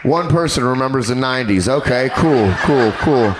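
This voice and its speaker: A man doing a stand-up comedy set on a club stage, animated and crude in his delivery. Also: mid-range voice, normal speed, noisy background. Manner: animated, crude, jumps into character voices.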